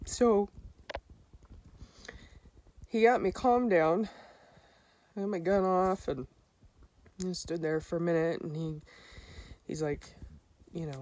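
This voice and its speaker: Halting woman telling a hunting story. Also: lowish voice, darkish tone. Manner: halting, with many fillers and restarts; re-enacts other people's lines in a raised voice. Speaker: hunter telling her story. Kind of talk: casual spoken storytelling.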